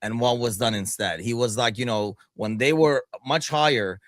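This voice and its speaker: A man co-hosting a casual football chat, expressive, laughing and swearing casually. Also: mid-range voice, normal speed, no room sound, studio quality. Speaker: podcast co-host.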